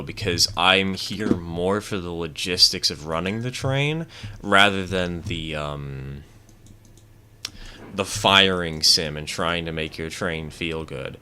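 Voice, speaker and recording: A man's voice: low voice, expressive, slow, bright, forceful tone, slight background noise. A man streaming a train game, chatting casually and giving rambling, opinionated replies to chat. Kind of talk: casual gameplay commentary, reading chat.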